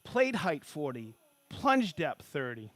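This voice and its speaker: A man's voice: a little high, takes it slowly, no room sound. Upbeat man demoing a woodworking tool. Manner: excitable, shouts greetings to viewers; folksy, repeats "okay?" to check in. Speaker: woodworking demonstrator. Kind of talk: live-streamed tool demonstration.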